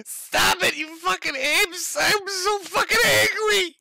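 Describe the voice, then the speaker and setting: A man's voice: very high-pitched, takes it slowly, vocal fry, pushed and bright, voice pushed up, exaggerated voice. A man putting on the voice of a young man throwing a screeching, profane tantrum.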